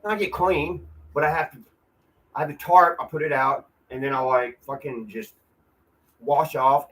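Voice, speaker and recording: A man's voice: mid-range voice, a bit bright, slight background noise, low-quality recording. A man venting in a casual, profane, rambling monologue at home, often restarting his sentences. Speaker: vlogger. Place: apartment.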